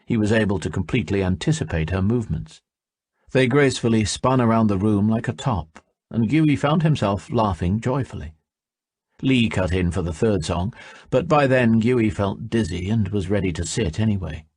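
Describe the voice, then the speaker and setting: A man narrating a fantasy audiobook in a steady storytelling manner. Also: on the low side, moderate pace, slightly rough, no room sound, studio quality. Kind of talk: scripted narration.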